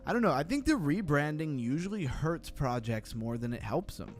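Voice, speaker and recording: A man's voice: on the high side, very animated, moderate pace, faint music behind. Blunt, skeptical male livestream host. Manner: blunt, skeptical, chats with viewer comments. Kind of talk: casual livestream commentary.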